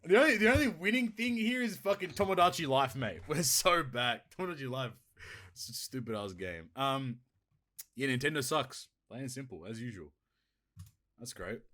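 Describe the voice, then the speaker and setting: A young man co-hosting a casual gaming podcast, swearing often and joking loudly. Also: mid-range voice, lively intonation, normal speed. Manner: crude, joking, swears a lot. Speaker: podcast co-host.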